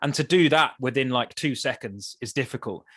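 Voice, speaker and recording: A man, a songwriter guest on a podcast, talking in a thoughtful, hesitant way with many restarts, his voice still a bit rough from the early morning. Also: mid-range voice, normal speed, a bit bright. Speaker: musician guest. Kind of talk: casual interview chat.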